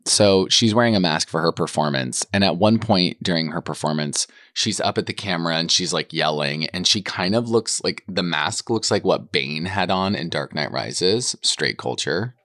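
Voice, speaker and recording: Young male podcast co-host, very low voice, dry studio sound, playful and gossipy. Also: normal speed, hardly any pauses, a bit bright, no room sound. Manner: playful, gossipy, lots of "like" and voice jumps into high quoted asides. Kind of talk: casual comedic chat.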